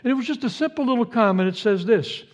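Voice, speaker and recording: A male pastor preaching a sermon, earnest, repeating key phrases and swinging from hushed to rising with feeling. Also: very high voice, animated, fast talker, highs cut off.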